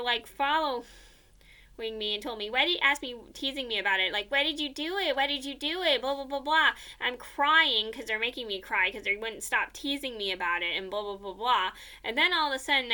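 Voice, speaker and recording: A woman's voice: on the high side, pushed and bright. A young woman casually telling a personal story, rambling with many fillers and repeated "blah, blah, blah.".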